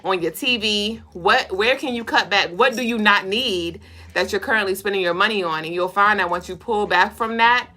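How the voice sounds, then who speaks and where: Bright-voiced woman giving a spiritual reading. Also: medium pitch, moderate pace. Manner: loose, profane and animated, addressing viewers directly. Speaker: spiritual reader and co-host. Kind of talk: casual livestream spiritual reading.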